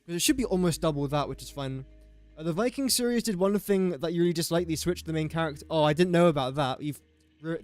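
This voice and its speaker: A man's voice: fairly high pitch, a little mellow. Chatty guy streaming a game. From England. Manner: thinks aloud while doing sums, chatty and joking. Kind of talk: casual live-stream chat.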